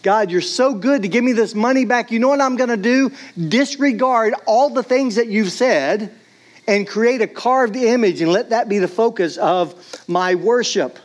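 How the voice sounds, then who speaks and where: Man putting on a doting mom voice, high, fussy, excusing, sermon aside. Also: normal speed, natural voice. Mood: gushing. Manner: fussy, pleading, making excuses. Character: doting, excusing mother of a grown son.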